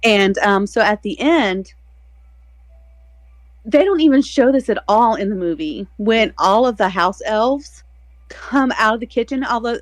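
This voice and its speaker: A woman's voice: fairly high pitch, animated, measured pace, no echo. A woman co-hosting a book podcast, talking in a casual, rambling way and laughing often. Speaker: podcast co-host. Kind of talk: casual chat.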